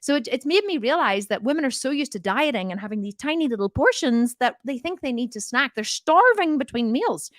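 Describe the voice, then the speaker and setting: A woman's voice: high voice, sing-song, brisk, hardly any pauses, no echo, clean studio sound. A woman diet coach answering viewer questions in a live Q&A, blunt and direct, often laughing and swearing jokingly.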